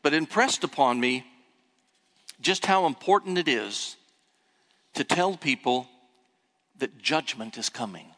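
An older man, a pastor, preaching a sermon and telling a story with animated emphasis. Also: mid-range voice, a little slow, pauses often, big-room sound. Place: church sanctuary.

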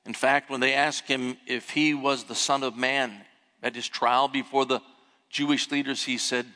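Older pastor preaching in an echoey hall. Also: male voice, medium pitch, normal speed. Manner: storytelling, animated emphasis. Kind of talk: sermon. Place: church sanctuary.

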